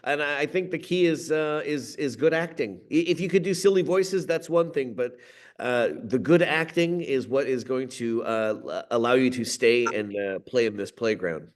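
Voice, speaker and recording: A man's voice: medium pitch, normal speed. A man who voices cartoons, chatting easily and joking as an interview guest. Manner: easygoing, joking. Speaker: voice actor guest. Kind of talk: casual interview.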